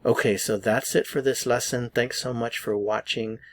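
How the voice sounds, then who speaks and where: A man with an American accent teaching a pronunciation lesson, repeating each word slowly and deliberately for learners to copy. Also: mid-range voice, steady tone, no echo. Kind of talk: slow drilled pronunciation lesson.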